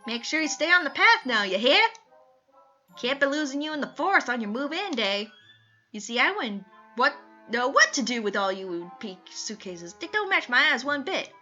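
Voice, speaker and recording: A woman's voice: high voice, sing-song, normal speed, bright, forceful tone, full character voice. A woman voicing a cheerful, folksy old male truck driver in a put-on Southern US accent. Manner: folksy, drawling, friendly. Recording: slightly muffled, faint music behind.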